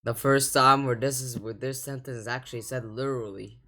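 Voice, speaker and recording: A woman's voice: rumbling low, fairly even intonation, a little fast, sharp tone. A young woman hosting a reaction video, casually and with exasperation talking back at the clip she is watching. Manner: exasperated, talks back at the screen.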